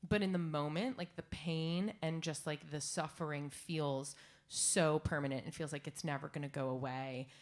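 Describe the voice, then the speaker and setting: Tearful singer-songwriter in her thirties, low voice, halting stage chat. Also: steady tone. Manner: rambling, emotional, halting with many fillers. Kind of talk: on-stage chat between songs. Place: stage at a live songwriters' round.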